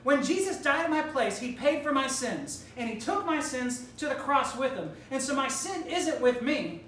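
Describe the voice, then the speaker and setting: A woman preacher with a high, expressive voice delivers an emphatic, rhetorical sermon at a moderate pace, directly challenging death. The recording has a little hiss or hum and sounds like a roomy hall picked up from a distant mic with faint ambience.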